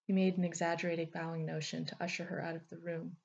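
A woman narrating a fantasy novel with expressive storytelling. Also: on the low side, quick pace, gravelly, few pauses, slightly rough, lo-fi sound. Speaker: audiobook narrator. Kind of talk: fiction narration.

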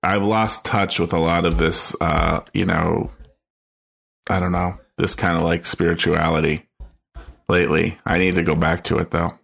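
A man with a very low voice, talking loosely on a podcast. His voice is gravelly with fry, and he keeps pausing on ums and likes as he looks for what to say. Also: little pitch movement, fairly bright tone. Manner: hesitant, full of ums and likes. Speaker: podcast co-host. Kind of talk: casual podcast chat.

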